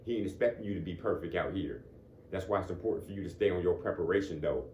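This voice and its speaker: A man's voice: sits low, quick pace, darkish tone, a little hiss or hum. A man giving a casual motivational talk. He speaks conversationally, keeps asking "you know what I'm saying," and chuckles between points. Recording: echoey room.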